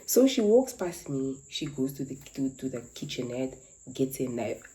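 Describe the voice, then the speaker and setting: Young woman, low mellow voice with a very lively pitch, for a dramatic casual storytime. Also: normal speed, a little hiss or hum, low-quality recording. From Namibia. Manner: animated, dramatic retelling. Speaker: content creator.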